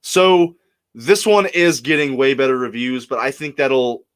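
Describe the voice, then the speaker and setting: A man from Texas hosting a casual live stream, chatty and relaxed, often repeating words as he starts a thought. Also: mid-range voice, measured pace, clean tone.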